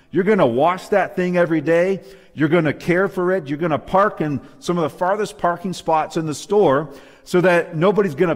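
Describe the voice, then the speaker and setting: A man with a slightly high voice preaches a sermon to a church audience, emphatically calling out for amens. He's in a church hall with both live and online listeners, and the sound carries a long reverb tail.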